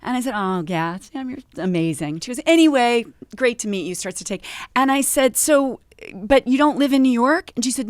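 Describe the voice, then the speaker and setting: A woman's voice: on the high side, lively intonation, moderate pace, dry recording, studio quality. A middle-aged woman chatting as a podcast guest. She tells an anecdote with energy and acts out the dialogue she quotes. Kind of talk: casual chat, anecdote. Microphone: studio podcast mic.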